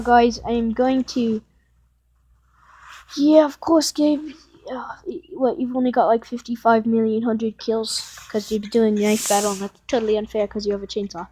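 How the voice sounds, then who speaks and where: Rambling excitable woman gaming vlogger. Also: fairly high pitch, a little hiss or hum. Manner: rambling, excitable, talks to viewers as guys. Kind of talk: gameplay commentary.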